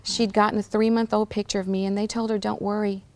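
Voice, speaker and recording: A woman in her sixties gives personal testimony as an interview guest. Her voice sits at a middle pitch with a gravelly edge. She speaks earnestly and sinks into a breathy near-whisper when a word carries weight. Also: flat delivery, a little mellow. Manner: earnest, slows down and drops to a breathy near-whisper on emotional words.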